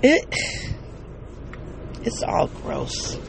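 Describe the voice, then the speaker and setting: A podcaster tells a raw personal story, stopping and restarting often and turning to the listeners directly. The voice has a gravelly, creaky edge. A faint hum sits behind it. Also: medium pitch, sing-song. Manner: halting, with frequent restarts and self-corrections; earnest, addresses listeners directly. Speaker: podcast host.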